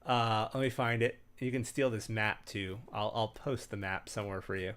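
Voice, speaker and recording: A man with a lowish, smooth voice speaks at normal speed on a computer mic during a screen share. Hosting a casual tabletop gaming chat and sharing game-master tips, he rambles with many fillers and restarts and tells stories with animation.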